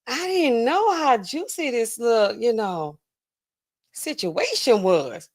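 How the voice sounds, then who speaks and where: A woman pharmacist hosting a casual livestream and talking to her chat in an animated, chatty way full of fillers. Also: a little high, takes it slowly.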